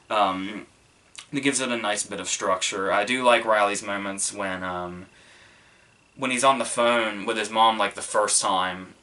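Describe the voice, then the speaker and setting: A young man talks through a film review on his podcast, circling his points with many fillers and restarts. His fairly low voice has a bright, tense edge to it. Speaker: podcast host.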